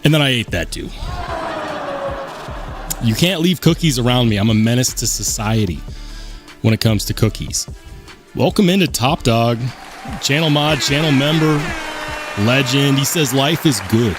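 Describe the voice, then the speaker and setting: A man's voice: mid-range voice, lively intonation, normal speed, long pauses, music in the background. A man hosting a casual live stream, reading the chat aloud and joking about himself in a plain, unaccented voice. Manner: chatty, reads chat aloud, self-mocking.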